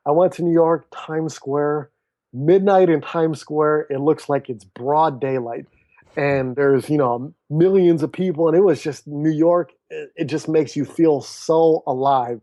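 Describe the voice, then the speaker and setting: A man in his thirties tells his story as a podcast guest in a relaxed, conversational way. His voice sits a bit high for a man, and he acts out the lines of the people in his story. The sound is dry and close, with no room echo. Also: a little slow. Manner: animated storyteller who acts out quoted dialogue. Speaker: podcast guest, author and speaker. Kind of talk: casual storytelling interview.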